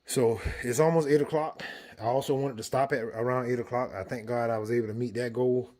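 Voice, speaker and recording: A man's voice: mid-range voice, fairly even intonation, a little fast, darkish tone. A man, talking viewers through a car repair step by step in a casual, easygoing way while working in a garage. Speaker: DIY mechanic. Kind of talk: casual how-to narration.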